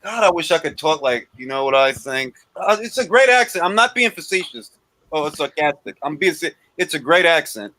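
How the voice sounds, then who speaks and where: A man with a high, bright voice talks boxing on a casual livestream. His pitch swings widely and he repeats points for emphasis. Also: normal speed, no room sound. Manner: animated, repeats himself for emphasis. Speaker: boxing show co-host.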